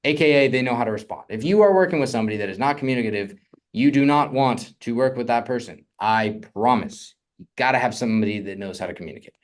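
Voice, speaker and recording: This young man coaches people on real estate funding, teaching in a casual, energetic way and often tossing in "right?" His voice sits mid-range, and he talks fast.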